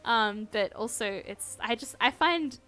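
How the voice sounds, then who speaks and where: A woman's voice: fairly high pitch, lively intonation, unhurried, sharp tone, soft background music. A woman playing and reading a story game aloud, with chatty, self-deprecating asides. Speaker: game streamer. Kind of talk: casual let's-play commentary and reading.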